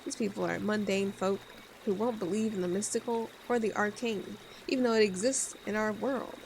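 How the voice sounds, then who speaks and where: A woman's voice: mid-range voice, steady tone, normal speed, gravelly, darkish tone, a little hiss or hum, close to an everyday voice. A woman reading as a sneering mystic. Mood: scornful.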